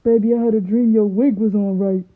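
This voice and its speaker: A woman's voice: medium pitch, steady tone, brisk, close to an everyday voice. A woman doing a sweet-talking boyfriend, tinny. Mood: coaxing. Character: smooth-talking boyfriend waking his girl. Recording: tinny, phone-like sound.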